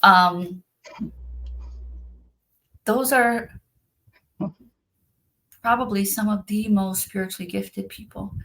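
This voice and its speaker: A woman speaks in a relaxed, conversational way about spiritual gifts, earnest and openly emotional. She leans on fillers and restarts as she thinks aloud, her pitch sitting in an ordinary middle range. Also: takes it slowly, vocal fry, pauses often, rough recording. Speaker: spiritual activation practitioner. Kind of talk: casual conversational talk.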